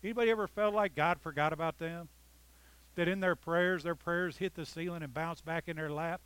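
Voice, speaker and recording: A man preaching a sermon, reading scripture with dramatic emphasis and joking with his congregation. He swings between loud, pleading lines and soft, intimate ones. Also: on the high side, steady tone, fairly quick, clean tone, rough recording. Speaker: pastor.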